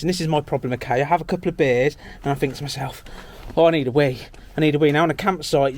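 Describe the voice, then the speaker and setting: A man making a comic vlog at a campsite outdoors, wry and sarcastic, joking at his own expense. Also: on the high side. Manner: wry and sarcastic, laughs at himself. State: a bit out of breath. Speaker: vlogger. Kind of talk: self-deprecating comic vlog.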